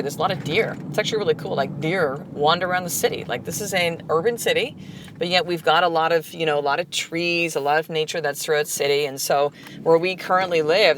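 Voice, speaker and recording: A woman's voice: fairly low pitch, background noise. A woman hosting a solo motivational podcast as a life coach, talking bluntly with swearing and repeated rhetorical questions.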